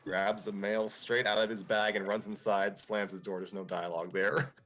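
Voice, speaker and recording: A man's voice: lowish voice, flat delivery, moderate pace, a bit bright. A man hosting a show, casually reading a fan-fiction story aloud and chuckling at the text now and then. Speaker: host and narrator.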